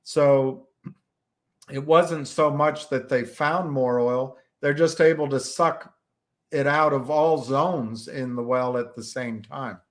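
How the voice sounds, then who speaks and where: Speaking at a medium pitch, a US livestream host talks in a slow, loose, wandering style, often restarting sentences and leaning on filler words.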